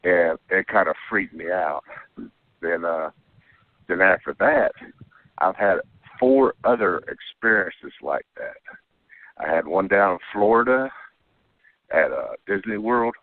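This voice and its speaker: A male caller with a low voice and lively intonation tells a meandering alien abduction tale on a casual phone-in show, repeatedly asking "okay?" He speaks slowly with long pauses, and the tinny phone line is dry, with no room sound.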